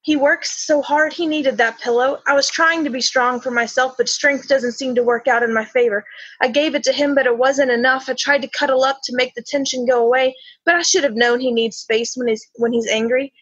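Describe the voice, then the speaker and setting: A woman reads a spoken word poem in a high, slightly husky voice. Her delivery is slow and measured, with halting pauses. The close, dry recording sounds a little dull and lo-fi. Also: steady tone, fairly bright tone, no echo. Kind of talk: spoken word poetry reading.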